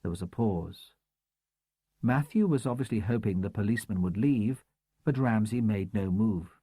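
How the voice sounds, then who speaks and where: A man narrating a crime novel audiobook in a measured, expressive storytelling manner. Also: lowish voice, slightly rough, no echo. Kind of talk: scripted narration.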